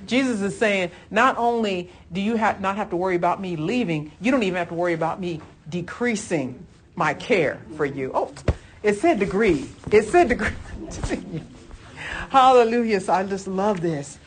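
A woman's voice: medium pitch, animated, normal speed, a little hiss or hum. A woman teaching a church Bible lesson in a fervent, emphatic way. She talks conversationally, with asides and restarts, and breaks in with exclamations of praise. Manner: fervent, emphatic, exclaims "Hallelujah" between points.

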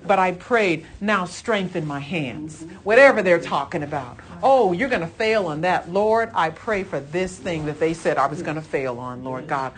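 A woman with a fairly low voice leads a church Bible lesson. She is fervent and emphatic and talks conversationally, with asides and restarts, calling out praise between points. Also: normal speed, hardly any pauses. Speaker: Bible study teacher.

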